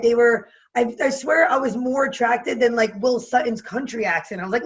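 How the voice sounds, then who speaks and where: A young woman with a New Jersey accent, chatting as a podcast guest in a bubbly, animated way. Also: fairly high pitch, lo-fi sound. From New Jersey, USA. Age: young adult. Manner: bubbly, animated, quick to laugh. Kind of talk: casual interview chat.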